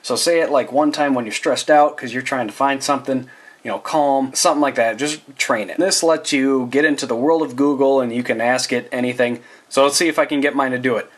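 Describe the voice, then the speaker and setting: A man's voice: mid-range voice, fairly even intonation, a little fast. A man giving a casual phone setup tutorial as a tech reviewer. He speaks loosely and chattily, with asides and restarts, and talks straight to his viewers.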